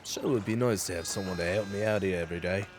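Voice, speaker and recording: A man voicing a busy village blacksmith in a video game with a rough put-on British accent, brisk and low. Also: noisy background, lightly acted.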